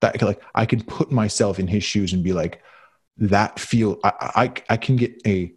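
A deep, husky man who is concussed speaks in a heartfelt, halting way. He stumbles and restarts often as he searches for words. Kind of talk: emotional conversation.

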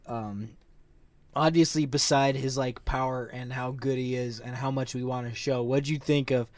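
A young man co-hosting a casual podcast chat, quick and animated, turning to mock outrage when teased. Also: medium pitch, no echo. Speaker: podcast co-host.

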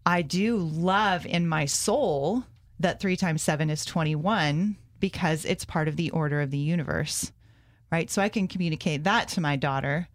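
A woman's voice: low-pitched, no echo, studio quality. A woman, a homeschool mom and classroom teacher, talking earnestly in a casual conversation and thinking aloud as she goes.

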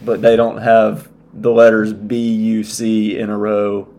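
A man's voice: on the low side, monotone, unhurried, a little mellow. A man co-hosting a casual sports chat, teasing his friends in a dry way. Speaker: podcast co-host.

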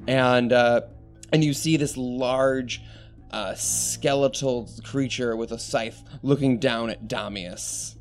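A man narrates a tabletop game in a relaxed, descriptive way, dropping in fillers as he goes. His voice sits mid-range, and soft background music plays faintly behind him. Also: medium pitch, takes it slowly. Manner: casual, descriptive, uses fillers. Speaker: game master.

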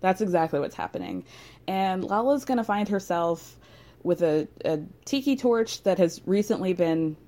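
A woman's voice: lowish voice, sing-song, normal speed, warm tone. A young woman casually recapping a reality TV episode with chatty, sarcastic asides.

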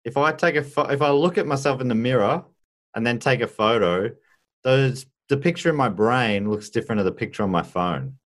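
A man's voice: medium pitch, brisk. An Australian man with a Melbourne accent, chatting casually as a podcast co-host, curious and joking, asking many questions. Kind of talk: casual chat.

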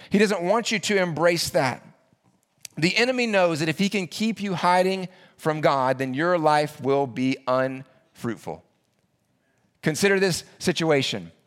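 Male pastor, earnest sermon delivery with emphatic repetition, slightly higher pitch. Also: a bit bright, smooth.

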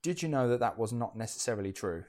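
A man's voice: medium pitch, lively intonation, quick pace, a crowd in the background. A man hosting a casual history podcast, blunt and sweary, stumbling over restarts as he talks. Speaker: podcast host.

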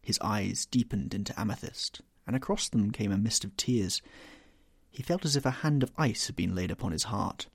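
A man narrating a classic novel in an expressive, measured storytelling manner. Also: fairly low pitch, creaky, no echo, studio quality. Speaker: audiobook narrator.

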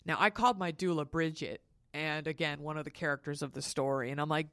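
Brief: woman, low voice, dry close mic, candid profane storyteller. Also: a bit bright, no room sound. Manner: frank and profane, quick asides. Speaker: podcast host.

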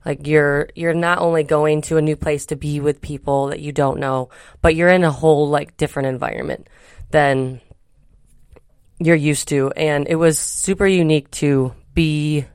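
A woman's voice: low-pitched, fairly even intonation, moderate pace, a little mellow, smooth, dry recording, clean studio sound. A woman co-hosting a podcast, telling a travel story in a chatty, rambling way with many fillers. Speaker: podcast co-host. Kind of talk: casual chat.

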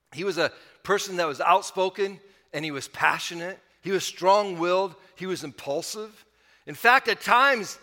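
A male pastor with a high, bright voice delivers a conversational sermon, climbing up on key points and sinking low to close each thought. The sound trails off in a long hall reverb. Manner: conversational preaching, rising with emphasis then dropping low.

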